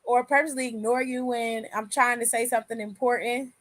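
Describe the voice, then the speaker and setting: High pitched woman w/ AAVE, chatting on a stream, swears a lot, dry close sound. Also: fairly even intonation, a little fast, fairly bright tone, dry recording. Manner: candid, swears freely, laughs often. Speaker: aftershow host reading chat. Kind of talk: casual livestream chat.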